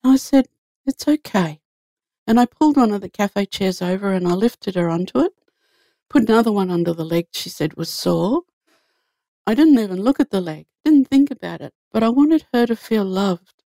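A woman's voice: medium pitch, lively intonation, fairly quick, mellow, dry recording, studio quality. A woman guest telling an earnest spiritual story in an easy conversational way. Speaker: guest sharing a faith story.

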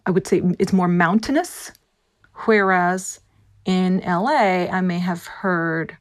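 A woman's voice: lowish voice, slow. A woman from Puerto Rico with a Puerto Rican accent, Spanish her first language, an acting professor answering interview questions in a reflective, musical way. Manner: musical, demonstrates speech rhythms.

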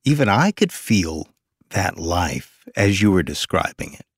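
Male interviewer, lowish voice, thoughtful hesitant questions, dry sound. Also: sing-song, a little slow, husky, no room sound. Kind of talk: conversational interview.

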